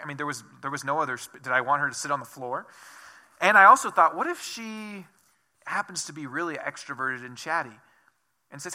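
A man's voice: a little high, expressive, moderate pace, sharp tone. A male pastor preaching a sermon in a conversational, self-deprecating storytelling manner, asking his listeners many questions.

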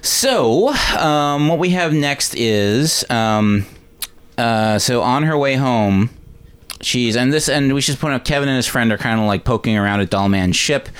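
A man's voice: medium pitch, unhurried, clear, resonant tone. A man hosting a podcast, recapping a movie in casual chat, rambling with many fillers. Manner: rambling, lots of "like" and "um". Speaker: podcast host.

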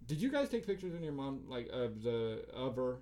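A mellow, medium-pitched male voice with big pitch swings moves at a moderate pace. He's a middle-aged man co-hosting a podcast, casually telling a long story laced with profanity and filler while acting out quotes from other people.

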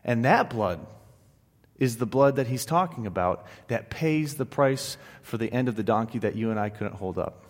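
A male pastor preaches a sermon at a middle pitch, his voice carrying a long reverb through a church hall. He drops to hushed, solemn passages and then rises to emphatic exclamations, with casual asides and stumbling restarts between. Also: lively intonation, moderate pace.

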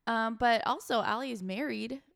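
A young woman chatting with a friend in a loose, giggly way, her sentences full of "like" and little asides. Her voice sits a bit high for a woman. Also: normal speed, vocal fry. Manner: chatty and giggly, heavy "like" fillers. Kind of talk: casual fan chat about a music duo.

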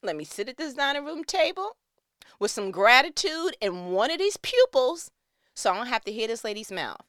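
A woman's voice: a little high, big pitch swings, normal speed, a bit bright, no echo, clean studio sound. A woman, a mother, telling funny family stories in a casual, playful, slangy way, often breaking into laughs. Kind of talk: casual storytelling monologue.

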